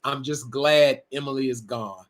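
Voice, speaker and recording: A man's voice: mid-range voice, fairly even intonation, measured pace. A young adult man co-hosting a casual live-stream recap, laid-back, laughing often and reading viewer comments aloud.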